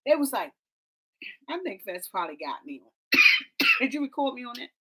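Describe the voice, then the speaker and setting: Female vlog co-host, dramatic storyteller, bright tone. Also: a little high, moderate pace, husky. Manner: animated, dramatic storytelling with y'all and quoted voices. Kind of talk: casual travel storytelling.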